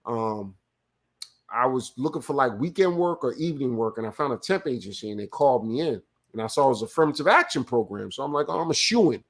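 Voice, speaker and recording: Profane livestream host telling stories. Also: male voice, medium pitch, animated, fast talker. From California. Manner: profane, loose storytelling with restarts; reads viewer chat aloud and answers it. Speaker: live show host. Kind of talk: casual livestream commentary.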